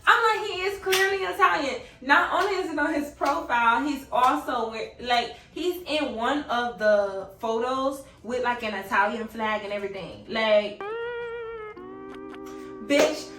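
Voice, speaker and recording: A woman's voice: on the high side, unhurried, a bit bright, distant mic, faint music behind. A young woman vlogger telling a casual storytime, chatty and swearing, who often laughs and raises her voice to quote people. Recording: echoey room, away from the mic.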